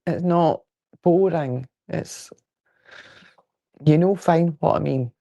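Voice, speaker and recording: Scottish lady from fife rambling on her sewing livestream, bit of gravel in her voice, chatty and cheeky. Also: low voice, takes it slowly, warm tone. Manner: chatty, rambling, frank and jokey. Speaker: quilting livestream host. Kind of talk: casual livestream chat, answering viewer comments. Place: at home indoors.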